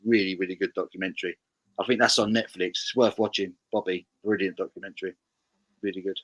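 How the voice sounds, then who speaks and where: Low-voiced chatty man, stammering. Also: steady tone, fast talker. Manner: chatty, stammering restarts, laughs at his own jokes. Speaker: live chat host. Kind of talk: casual chat over beers.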